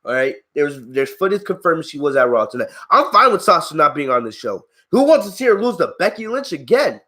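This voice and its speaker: A man with a slightly high, very animated voice and a brisk, sharp delivery runs a wrestling channel's live-stream review. Heated and exasperated, he laughs at the viewers in his chat, rants at them, and swears freely.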